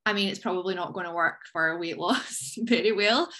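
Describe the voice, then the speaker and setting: A woman giving an energetic motivational talk on a video training call, chatty and playful. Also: a little fast. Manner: energetic, chatty, jumps into high playful voices. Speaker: team leader on a training call.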